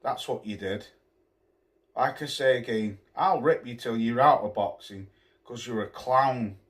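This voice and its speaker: A man's voice: medium pitch, unhurried, fairly bright tone. A man ranting to camera as a boxing vlogger, scornful and full of swearing and name-calling. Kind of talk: angry rant to camera.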